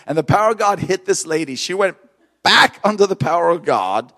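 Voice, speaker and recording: A man preaching a sermon through storytelling, fervent and animated, laughing between points. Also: high-pitched, fairly quick.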